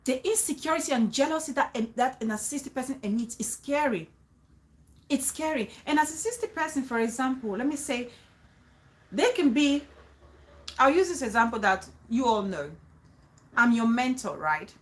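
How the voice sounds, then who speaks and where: A woman's voice: sits high, animated, normal speed. A woman talking to her viewers, emphatic and repetitive, often restarting phrases and urging them to trust her. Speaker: vlogger giving advice. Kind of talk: casual talk to viewers.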